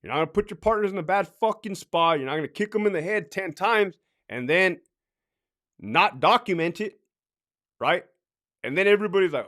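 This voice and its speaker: A man's voice: high voice, fairly quick, a bit bright. A man who used to be a correctional officer, giving blunt, profane advice in a casual talk and ending many points with "right?".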